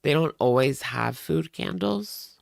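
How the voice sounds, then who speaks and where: A man's voice: fairly high pitch, expressive, takes it slowly, creaky, no room sound, studio quality. A man hosting a reaction livestream, chatting casually with viewers in a rambling way.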